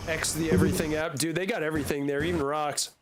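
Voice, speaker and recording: Young guy streaming a game, kinda high voice, jokey and sweary, a/c hum behind. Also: steady tone, quick pace. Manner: rambling, joking, profane. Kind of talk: casual gaming commentary.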